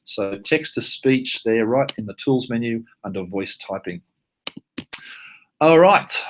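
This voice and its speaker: A man with an Australian accent presenting a live online software workshop, talking casually with plenty of fillers and asides. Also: medium pitch, animated, slow, a little hiss or hum. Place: at his computer, live webinar.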